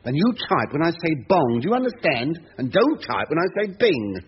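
A man's voice: fairly high pitch, very animated, brisk, a little hiss or hum. A man hosting a radio comedy show, talking in a flustered, chatty way, full of stammers and asides to the audience. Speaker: comedian and host. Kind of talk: 1970s radio sketch comedy. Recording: dull old radio recording, loud studio audience laughter.

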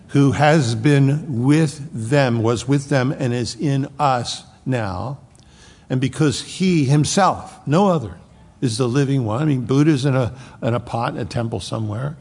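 A man's voice: medium pitch, a little mellow. A man in his seventies preaching a sermon, quoting scripture with emphasis and slipping in folksy jokes. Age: 70s. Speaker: pastor. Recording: long hall reverb.

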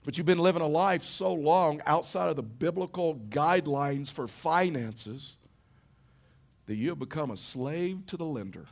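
A man's voice: a little high, lively intonation, normal speed, creaky. A middle-aged man preaching a sermon in a church, telling stories in a conversational way and tossing rhetorical questions to the congregation. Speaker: pastor.

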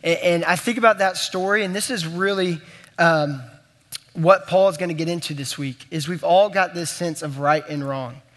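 A man's voice: a little high, moderate pace, fairly bright tone. A young man preaching, telling a personal story in a conversational, earnest way and speaking straight to the room. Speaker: pastor. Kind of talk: sermon storytelling. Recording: long hall reverb.

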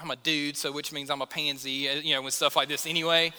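Pastor, male, 30s; high, sharp voice, chatty sermon delivery, church hall reverb. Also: flat delivery, fast talker, clean tone. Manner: conversational, self-deprecating preaching with acted quotes. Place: church sanctuary.

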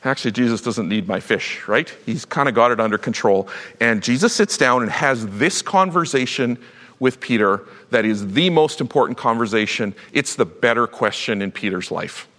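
A male pastor preaching a sermon, telling a Bible story with lively acted-out voices. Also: medium pitch, moderate pace, in a large hall. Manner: animated storytelling, acts out Bible characters.

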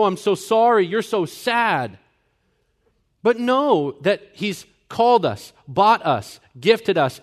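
A young-adult man pastor teaching a sermon earnestly, explaining scripture point by point. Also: fairly high pitch. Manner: earnest, mimics people in quoted asides.

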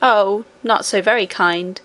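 Woman as a calm ancient queen. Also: mid-range voice, unhurried, natural voice. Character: ancient gentle queen, great-great-grandmother.

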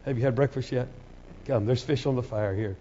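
A man voicing a gentle, patient teacher in a sermon, speaking in a low, soft and tender way. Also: a little fast, muffled recording, slight background noise, lightly acted. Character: gentle, patient grown man calling a friend back.

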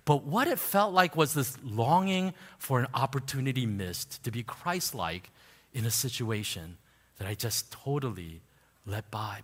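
A man preaching a sermon, telling a personal story in an animated way, laughing at himself and dropping soft and low when he turns to prayer. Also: breathy edge. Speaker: pastor. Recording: long hall reverb.

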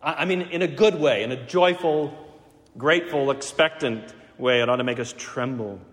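A male pastor delivers a sermon in a mid-pitched voice, earnest and emphatic. He drags out key words slowly, then rushes through lighter asides. His voice rings with the long reverb of a church hall. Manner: earnest, emphatic, varies pace between slow stresses and quick asides. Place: church sanctuary.

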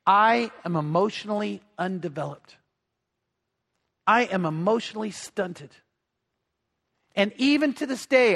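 A man voicing a father who quietly confesses his regret. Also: high voice. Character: remorseful middle-aged father confessing. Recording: long hall reverb.

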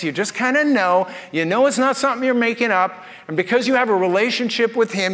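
High-voiced man preaching in a reverberant hall. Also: fairly bright tone. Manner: folksy storytelling with jokes. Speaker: pastor. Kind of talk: sermon.

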